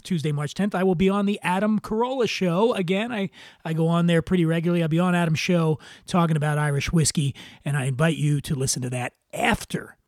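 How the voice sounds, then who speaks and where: Gravelly, wry male podcast host. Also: fairly high pitch, a little mellow, no echo, studio quality. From Philadelphia. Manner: wry, joking asides with filler words. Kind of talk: podcast monologue with housekeeping and scripted narration.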